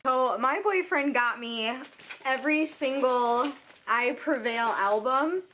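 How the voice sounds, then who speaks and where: A woman chats at home in a gushing, casual vlog manner, her voice a touch high and her pace unhurried. Wrapping paper crinkles and clear background noise run under her words. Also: sharp tone. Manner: gushing, chatty, with many "like"s and "oh my God"s. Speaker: vlogger. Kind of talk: casual vlog talk, opening presents. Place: at home on Christmas morning.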